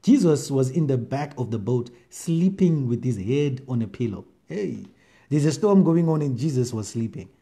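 Guy preaching online, really dark mellow voice, excited, reads scripture with lots of emphasis. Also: mid-range voice, moderate pace. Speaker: pastor. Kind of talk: online sermon. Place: at home during lockdown.

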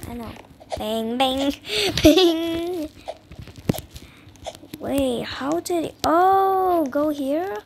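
Excitable high-voiced young woman gaming. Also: very slow, gravelly, long pauses, a little hiss or hum. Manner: excitable, repeats herself, drops to a whisper. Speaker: gamer. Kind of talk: casual gameplay commentary.

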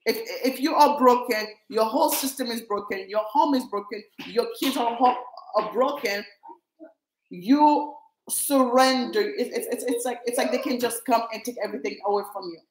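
A woman's voice: fairly high pitch, normal speed, reverberant, slight background noise, low-quality recording. A woman preaching to viewers, emphatic and repetitive as she exhorts them and prays over them. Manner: emphatic and repetitive, rallying listeners.

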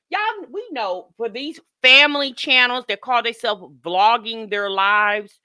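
A woman hosts a live stream with chatty, outspoken commentary and greets her viewers by name. Her voice is bright and forceful, with a lightly profane manner. The sound is dry, with no room echo. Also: on the high side. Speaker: host of a live reaction stream.

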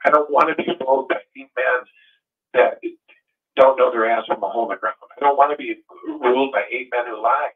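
A man's voice: mid-range voice, steady tone, a little fast. A man in casual conversation, telling his story earnestly and with animation. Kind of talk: casual chat. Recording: tinny phone line.

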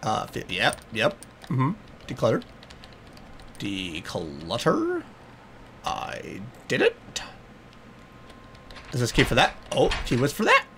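A man's voice: medium pitch, very animated, normal speed, pushed and bright, a little hiss or hum. A young man, giving a jokey, nervous running commentary as he plays a horror game. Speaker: gaming YouTuber.

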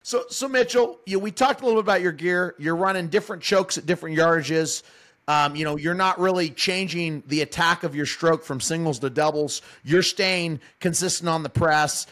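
High-voiced teasing man host. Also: normal speed, fairly bright tone. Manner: teasing, asks long rambling questions. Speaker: podcast host. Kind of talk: casual podcast chat.

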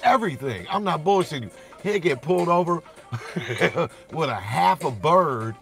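A man, telling rough street stories in a profane, animated way, laughing often. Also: fairly high pitch, moderate pace, soft background music. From Detroit, Michigan. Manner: profane, animated storyteller who laughs often and acts out shouts. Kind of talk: casual storytelling chat.

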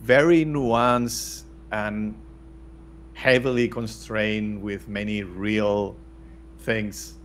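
Frank man, low voice. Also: steady tone, drawn-out words, a little hiss or hum. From Spain. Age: middle-aged. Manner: frank, blunt, with many restarts. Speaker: guest. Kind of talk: casual interview talk.

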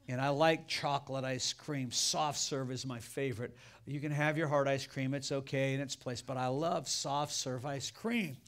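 A man pastor preaching a sermon, telling folksy stories in an animated way. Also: a little high. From United States.

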